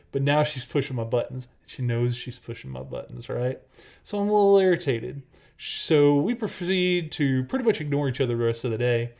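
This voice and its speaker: A man's voice: mid-range voice, expressive, moderate pace, creaky, darkish tone. A man co-hosting a casual podcast, telling a story in a rambling way with lots of fillers and restarts. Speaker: podcast co-host.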